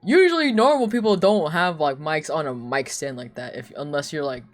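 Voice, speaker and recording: A young woman streamer telling casual stories, animated and laughing often, with lots of "like.". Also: low voice, moderate pace, soft background music. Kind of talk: casual storytelling chat.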